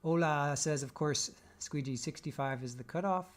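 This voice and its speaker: A man's voice: fairly high pitch, moderate pace. A man hosting a live stream, casually reading out viewer comments with teasing jokes and frequent laughs. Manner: joking, teasing, laughs often. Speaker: livestream host.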